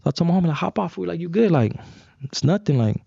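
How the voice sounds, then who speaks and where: A young man telling a story in casual talk, animated and acting out the voices of others. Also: on the high side, quick pace, vocal fry, breathy edge, no room sound, highs cut off. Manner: animated, acts out voices in stories, swears a lot. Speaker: guest.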